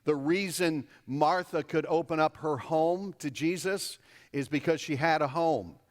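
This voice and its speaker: Pastor man preaching casually with jokes, fairly high voice, long hall reverb. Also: a little slow. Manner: conversational and humorous, jumps up in pitch for emphasis. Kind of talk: sermon. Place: church sanctuary. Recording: echoey church hall.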